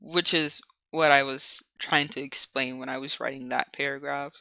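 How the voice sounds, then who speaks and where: A young adult streamer reads their old fanfiction and keeps stopping to explain it in loose, rambling asides packed with "like". The voice is bright and sits dry and close to the mic. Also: medium pitch, steady tone, normal speed, vocal fry, clean tone, dry recording. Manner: rambling, heavy use of "like" fillers. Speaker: streamer reading own fanfiction. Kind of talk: casual reading with asides.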